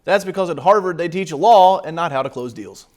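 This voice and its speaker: A man's voice: on the high side, animated, a little fast, darkish tone. A middle-aged man coaching sales, reacting to a video in blunt, profane, mocking casual commentary with frequent laughs.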